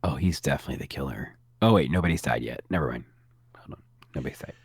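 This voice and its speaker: A man co-hosting a podcast, chatting casually with expressive, sassy asides. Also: rumbling low, fast talker, slightly rough, no room sound, studio quality. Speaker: podcast co-host. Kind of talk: casual chat.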